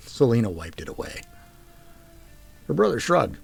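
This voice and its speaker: A man reading fiction aloud with steady, measured narration. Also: lowish voice, gravelly, slightly rough, faint music behind. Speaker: storyteller.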